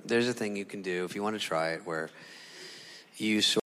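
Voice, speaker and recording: A man telling a stand-up comedy story, acting out the people in it with big jumps in his voice. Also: normal speed. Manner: animated, acts out characters with big pitch jumps. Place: comedy venue stage. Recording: live room with long reverb and loud crowd.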